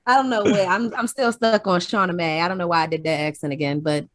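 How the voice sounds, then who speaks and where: A woman's voice: lowish voice, fairly even intonation, quick pace, no room sound. A woman co-hosting a casual podcast, giggly and self-deprecating. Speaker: podcast co-host.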